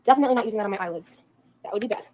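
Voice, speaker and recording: Very fast-talking chatty woman doing makeup. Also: medium pitch, background noise. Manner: chatty, rambling, talks to viewers while doing makeup. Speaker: makeup streamer. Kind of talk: casual makeup live stream.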